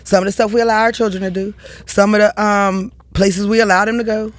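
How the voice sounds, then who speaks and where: A woman's voice: mid-range voice, level tone, fast talker, dry recording. Earnest woman, heartfelt and dry-miked. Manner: earnest, heartfelt, casual slang. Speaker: podcast guest. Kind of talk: emotional interview conversation.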